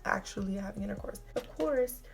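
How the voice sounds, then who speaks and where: A woman's voice: mid-range voice, expressive, fairly quick, vocal fry, soft background music. A young adult woman telling a casual storytime vlog, chatty and full of fillers, sometimes dropping into a whisper. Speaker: vlogger.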